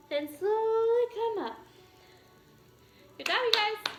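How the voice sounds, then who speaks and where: A high, bright-voiced woman leads a class through a warm-up workout. She talks unhurriedly and stays upbeat and encouraging, reading a rhyme in a slow, steady cadence. Faint music plays behind her. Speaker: fitness instructor.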